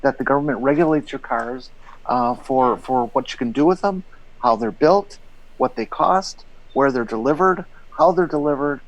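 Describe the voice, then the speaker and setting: A man's voice: a little high, normal speed, vocal fry, poor audio. A man in a casual group chat, explaining his point at length in an emphatic way. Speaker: panelist.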